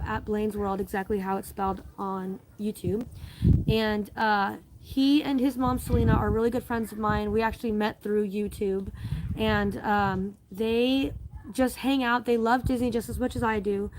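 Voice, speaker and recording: A woman's voice: on the high side, background noise. A woman chatting casually on a live stream, reading viewer comments aloud and rambling with many fillers and restarts.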